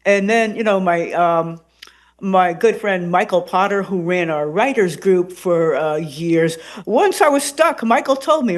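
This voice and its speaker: A radio host and podcaster, a woman, chatting as a guest in an interview, animated and rambling with plenty of ums and uhs. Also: lowish voice, a little slow. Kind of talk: casual interview chat.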